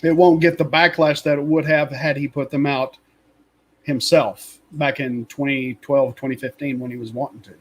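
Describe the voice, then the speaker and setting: A man's voice: medium pitch, flat delivery, normal speed, low-quality recording. A man co-hosting a casual fan chat, rambling and opinionated, with lots of fillers and asides. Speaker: podcast co-host.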